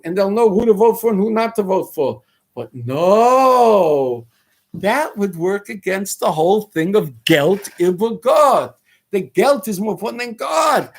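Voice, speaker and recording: A man hosting a talk show, delivering an emphatic, preachy political monologue full of rhetorical questions and Hebrew and Yiddish terms. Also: sits high. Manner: rhetorical questions, mimics critics' voices. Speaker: radio talk host.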